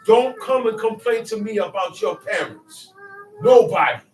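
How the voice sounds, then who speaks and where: A man's voice: high-pitched, a little slow, slight background noise. Emphatic man preaching in an echoey room. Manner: emphatic, repeats phrases, swings from soft asides to loud outbursts. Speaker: teacher. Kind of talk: street-talk Bible teaching. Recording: echoey room, mic set far off.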